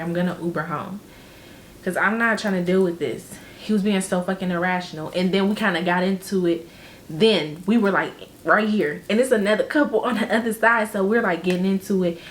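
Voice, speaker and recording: A woman's voice: medium pitch, roomy sound, slight background noise. Chatty young woman telling a storytime. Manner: animated, slangy, laughs often, acts out quotes. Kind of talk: casual storytime chat.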